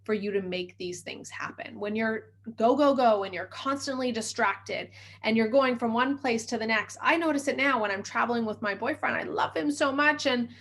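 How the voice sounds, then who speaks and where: Woman doing a self-help podcast, quick and upbeat, cheering listeners on. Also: fairly high pitch, fairly bright tone, a little hiss or hum. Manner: fast, upbeat, encouraging. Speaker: mindset coach.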